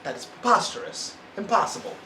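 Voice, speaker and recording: A man's voice: fairly quick, echoey room, distant mic, a crowd in the background, lightly acted, poor audio. A man voicing a panicky woman scientist who talks down to others. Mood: haughty. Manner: frantic, alarmed.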